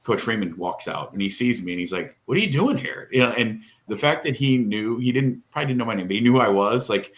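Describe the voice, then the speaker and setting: A man's voice: on the low side, fast talker, few pauses. A middle-aged man co-hosting a podcast, telling a long, rambling, emotional story in casual chat and tearing up. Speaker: podcast co-host.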